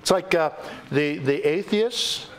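A male pastor preaching a sermon, telling the story with animated delivery and acting out the quoted voices. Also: fairly high pitch, slow.

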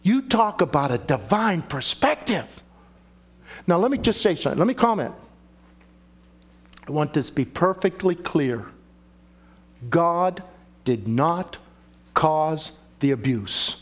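Male preacher with a somewhat high voice, emphatic sermon delivery that questions the listeners. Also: very animated, slow, pauses often. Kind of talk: sermon with scripture reading.

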